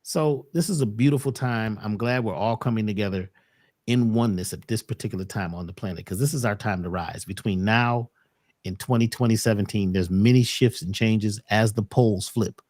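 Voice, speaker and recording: A man giving a calm, preachy spiritual talk as a guest on an online show. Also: on the low side, brisk, dry recording, clean studio sound. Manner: calm, preachy, rhythmic phrasing. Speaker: guest speaker.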